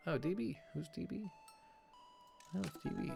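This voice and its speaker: A man's voice: on the high side, lively intonation, moderate pace, creaky, long pauses, warm tone. A man giving joking, casual let's-play commentary with some swearing, over game music. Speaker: gaming channel host.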